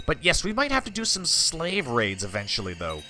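A man's voice: a little high, wildly swooping pitch, moderate pace, bright, forceful tone, a little hiss or hum. A man hosting a let's play, reading game text aloud in a mock-regal tone between wry, offhand asides. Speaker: gaming channel host.

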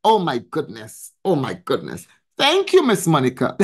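A woman's voice: sits low, wildly swooping pitch, moderate pace, slightly rough. A woman hosting a weekly live coaching stream, talking in an emphatic, preacherly way, repeating phrases and answering viewers in the chat. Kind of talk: motivational live-stream talk.

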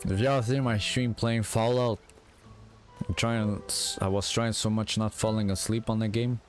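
A man's voice: lowish voice, steady tone, unhurried, faint music behind. A sleepy, yawning man streaming a game, rambling to himself in casual gameplay commentary. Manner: rambling, talks to himself while playing. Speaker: gaming streamer.

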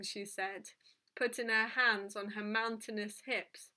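A woman reading a children's novel aloud in a gentle, even storytelling manner. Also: mid-range voice, a little slow. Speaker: storybook reader.

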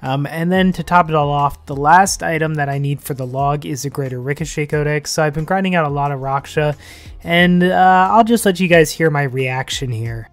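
A man's voice: fairly high pitch, normal speed, soft background music. A man hosting a gaming vlog in a loose, chatty way, full of fillers, speaking into a desk microphone. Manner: chatty, loose, heavy on "like" and "you know". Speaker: gaming channel host. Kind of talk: casual game commentary vlog.

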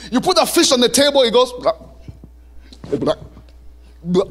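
A male pastor preaching a sermon in a church, animated and lively, now and then singing a line. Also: extremely high pitch, moderate pace, long pauses, slightly rough. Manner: animated preaching, sings song lyrics and plays voices.

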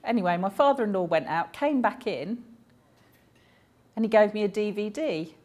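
A woman's voice: mid-range voice, lively intonation, moderate pace, darkish tone. Chatty woman telling anecdotes. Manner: chatty, anecdotal storytelling with small self-corrections.

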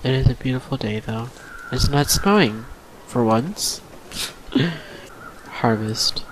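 A tired young man who hosts a gaming channel mumbles to himself through a casual let's-play of a survival game, drained late at night. His mid-range voice has lively intonation, but he speaks slowly, pausing often, sighing and letting out nervous little laughs. There's a slight hiss or hum on the recording.

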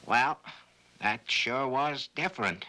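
A man playing a helpful friend who offers slow, dry suggestions in a 1970s TV sketch. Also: mid-range voice, very noisy, lightly acted.

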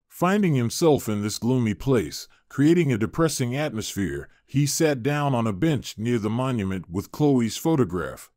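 A man narrating a scripted story in a steady, even reading voice. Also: mid-range voice, dry recording, clean studio sound.

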